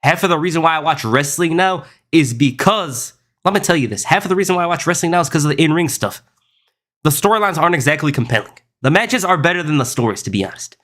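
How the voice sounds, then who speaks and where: A man's voice: on the high side, lively intonation, fast talker, a bit bright. A young man streaming live, reading chat aloud and riffing on it in a rambling, casual way, often saying "bro" and "listen.".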